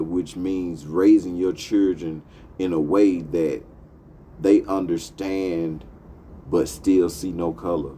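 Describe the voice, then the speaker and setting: A man's voice: low voice, fairly even intonation, slow pace, mellow, slight background noise. A man hosting a talk show, delivering a profane, impassioned monologue. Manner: profane, heated, emphatic. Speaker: podcast host.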